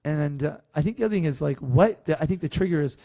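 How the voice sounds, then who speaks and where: A man co-hosting a podcast and teaching karate, chatting in a rambling, animated way full of "like" and "right?". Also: on the high side, fast talker, vocal fry, no room sound. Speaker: podcast co-host and karate instructor. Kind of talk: casual podcast chat.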